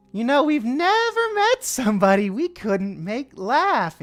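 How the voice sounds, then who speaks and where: A man's voice: very high voice, voice pushed up, full character voice. A man voicing a chorus of giant, eager bug creatures that talk all at once, drawn out and chittering. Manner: many voices speaking at once, chittering and drawn out.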